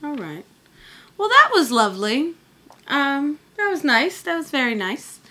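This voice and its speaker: A woman co-hosting a podcast in casual chat, blunt and profane, and quick to laugh. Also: high voice, sing-song, bright, forceful tone. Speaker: podcast co-host.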